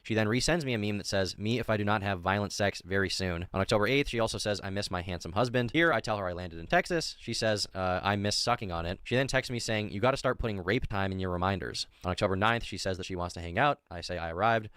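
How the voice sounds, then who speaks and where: A man's voice: lowish voice, fast talker, few pauses, clean tone, no echo, studio quality. A man responding to allegations by methodically reading out dated text messages in a defensive, matter-of-fact way. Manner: methodical, defensive, reads dates and quotes flatly.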